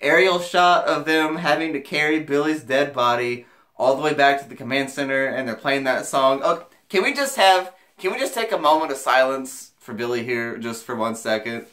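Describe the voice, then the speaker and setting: A young man reviews a movie in a casual vlog at a normal speed. He's emotional and excitable, swearing freely, and his pitch leaps when he gets worked up.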